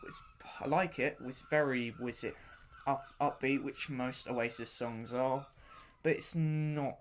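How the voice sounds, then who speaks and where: A man's voice: medium pitch, fairly even intonation, unhurried, a little hiss or hum. A man hosting his own podcast and reviewing an album in casual unscripted talk. He rambles enthusiastically, often repeating himself and stopping to search for words.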